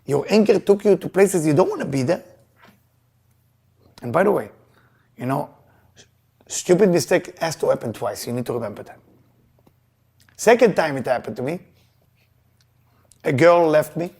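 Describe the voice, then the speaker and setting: A man teaching Kabbalah to a live audience, telling personal stories in an emphatic, animated way with loose grammar. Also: on the high side, normal speed, gravelly, pauses often, husky. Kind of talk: lesson with personal storytelling.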